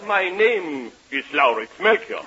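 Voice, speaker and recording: An actor with a Danish accent playing a stiff, formal opera singer in a 1940s radio comedy, delivering his jokes deadpan. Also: on the high side, a little slow, very noisy. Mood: pompous. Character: pompous foreign opera singer, man. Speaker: guest singer in a sketch. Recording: muffled old radio broadcast.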